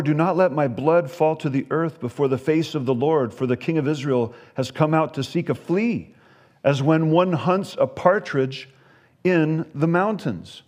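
A man's voice: fairly high pitch, darkish tone. A man teaching a Bible passage, reading verses aloud and then explaining them in a conversational way, often repeating words as he goes.

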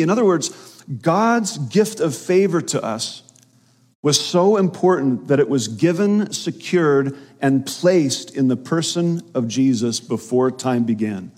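Man, preacher, sermon, husky, emphatic, long hall reverb. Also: medium pitch, a little mellow. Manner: emphatic, repeats phrases for stress.

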